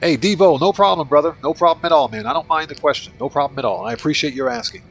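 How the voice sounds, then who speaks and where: A man's voice: a little high, very animated, quick pace, creaky, soft background music. A man streaming a video game, chatting casually and talking to his viewers by name as he plays. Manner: chatty, talks to viewers by name while playing. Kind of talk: casual livestream gaming commentary.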